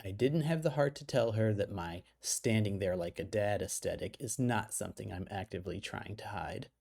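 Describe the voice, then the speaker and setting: A man's voice: fairly low pitch, moderate pace, gravelly, a little mellow. A man reading his own humorous article aloud, playful and self-mocking, breaking off for casual side remarks.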